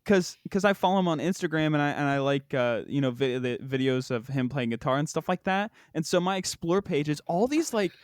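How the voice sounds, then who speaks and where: Young male host, rambly and filler-heavy, bouncy pitch, dry room. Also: lively intonation, fairly quick, few pauses, no echo. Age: young adult. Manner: rambling, many fillers, says "bro", laughs often. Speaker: podcast host. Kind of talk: casual podcast chat.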